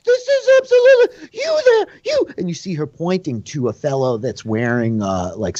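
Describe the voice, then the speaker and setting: A man's voice: a little high, darkish tone, dry recording. A man running a tabletop game as dungeon master, narrating loosely and chattily with many fillers. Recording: dull lo-fi sound in a dry room.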